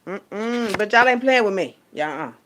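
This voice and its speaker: A woman delivering a profane, preachy rant as a little sermon, swinging between hushed asides and loud outbursts. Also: medium pitch, expressive, normal speed, a little hiss or hum. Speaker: vlogger giving a street sermon.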